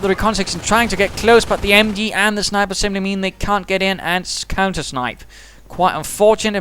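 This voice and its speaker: Fast-talking male game commentator. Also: sits high, a bit bright, slight background noise. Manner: fast, chatty, dryly humorous, British turns of phrase.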